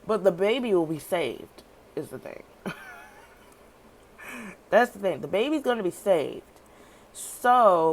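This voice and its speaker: A woman casually recapping a TV episode, animated and slangy, laughing often. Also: fairly low pitch, a little hiss or hum, rough recording. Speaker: TV show recapper.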